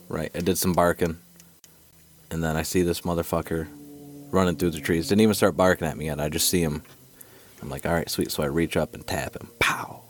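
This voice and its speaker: A man casually telling a long hunting story on a podcast, swearing freely and peppering it with "dude" and "right?". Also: deep voice. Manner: profane, animated storyteller, fillers like dude and right. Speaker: podcast co-host.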